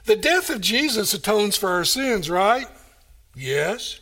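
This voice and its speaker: A man's voice: high-pitched, expressive, measured pace, bright, forceful tone. A man preaching a sermon, emphatic and full of rhetorical questions. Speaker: pastor.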